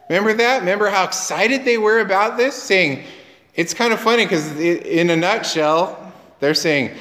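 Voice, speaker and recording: A man's voice: sits high, animated, moderate pace, fairly bright tone, long reverb tail. A man preaching a sermon as pastor, conversational, quizzing the congregation and acting out quoted dialogue.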